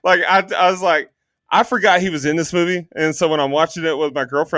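A man co-hosting a podcast, chatting casually about a movie, animated, swearing freely and filling gaps with ums. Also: a little high, fast, dry recording, studio quality. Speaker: podcast co-host. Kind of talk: casual movie review chat.

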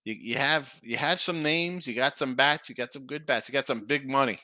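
A middle-aged man hosts a casual sports betting live stream, rambling and restarting his sentences. His voice is bright and forceful, and the sound is dry and close with little room echo. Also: mid-range voice, normal speed. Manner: rambling, self-interrupting, reads chat comments aloud. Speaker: sports betting show host.

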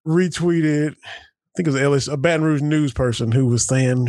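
A man's voice: a little high, fairly even intonation, normal speed, no echo, studio quality. A middle-aged man from southeastern Kentucky, joking through casual sports chat as a podcast co-host. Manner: laughs often, folksy and joking.

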